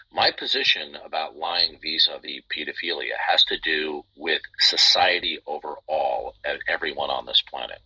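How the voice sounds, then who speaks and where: Man, deep low voice, husky, audio chat host, repeats himself, keeps saying okay. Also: lively intonation, moderate pace, bright, forceful tone, low-quality recording. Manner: talks in bursts, repeats words and keeps asking "okay?". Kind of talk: live audio room discussion.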